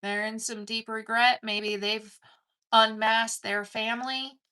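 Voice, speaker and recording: Fired-up woman doing a tarot reading, bright sharp voice, says dude a lot, swears. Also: a little high, flat delivery, takes it slowly. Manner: intense, swears casually, keeps saying "dude". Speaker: tarot card reader.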